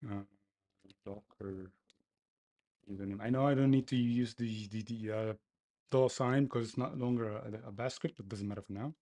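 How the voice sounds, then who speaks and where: A man talking to himself as he codes, complaining loudly, then explaining each step casually. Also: fairly low pitch, fairly even intonation, normal speed, pauses often. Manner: exasperated, talks to himself while coding. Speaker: developer livestreaming his coding. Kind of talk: casual coding commentary.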